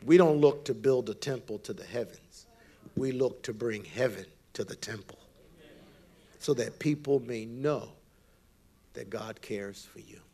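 A man's voice: mid-range voice, measured pace, warm tone. A man preaching a provocative sermon as pastor, acting out the voices of the people he quotes.

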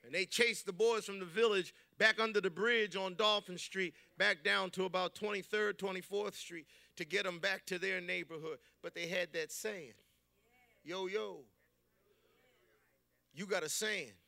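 A man preaches from the pulpit, moving from easy storytelling into shouting. His voice sits high for a man and has a hard, driving edge. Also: steady tone, moderate pace, creaky, hardly any pauses, no echo. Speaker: pastor. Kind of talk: preaching sermon.

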